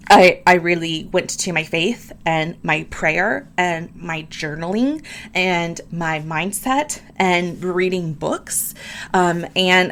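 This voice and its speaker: A woman's voice: on the low side, a bit bright, a little hiss or hum. A woman hosting her own podcast, talking candidly and earnestly, addressing listeners directly and often repeating words as she works through her thoughts. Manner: earnest, emphatic, repeats words when moved. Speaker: podcast host. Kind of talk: candid personal podcast monologue.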